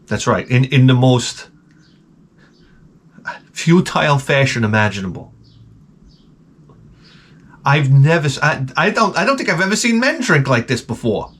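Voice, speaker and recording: A man hosting his vlog, telling a profane comic story in an animated rant full of stammered restarts. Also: medium pitch, measured pace, pauses often, husky. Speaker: vlogger host.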